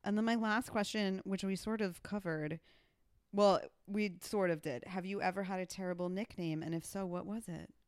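A woman hosting a casual interview, teasing with quick playful interjections. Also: mid-range voice, fairly even intonation, clean tone, no room sound, studio quality. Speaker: host.

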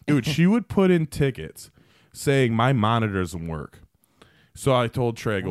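A man's voice: medium pitch, very animated, brisk, darkish tone, dry recording, clean studio sound. A man on a podcast telling long, profane workplace stories in a loose, rambling way full of fillers. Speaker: podcast guest. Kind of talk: casual storytelling.

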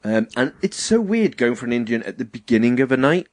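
A man's voice: medium pitch, very animated, fairly quick, no room sound. A young man casually telling long, rambling night-out stories on a podcast, full of fillers and imitations of the people in them. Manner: rambling anecdotal storytelling with many fillers, mimics people he quotes. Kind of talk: casual chat.

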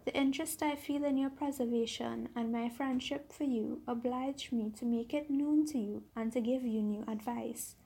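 Brief: woman reading a crafty talking donkey, husky, gravelly, high-ish. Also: steady tone, moderate pace, hardly any pauses, mellow. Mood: urgent. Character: scheming talkative male donkey.

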